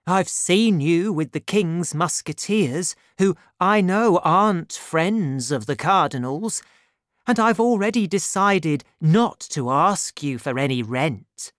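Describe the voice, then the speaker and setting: A reader voicing a frightened little male landlord in a storybook, high and pleading. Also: animated, slow, dry recording, clean studio sound. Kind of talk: storybook reading.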